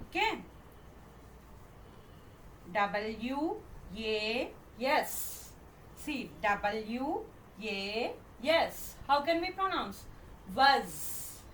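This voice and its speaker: A woman's voice: fairly high pitch, very animated, fairly bright tone. A woman with an Indian English accent teaching first graders to read, spelling each word letter by letter, then saying it, and often checking "okay?". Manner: spells words letter by letter, then says them slowly; repeats questions, checks with "okay?". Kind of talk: classroom phonics lesson. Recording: echoey room, mic at a distance, faint noise.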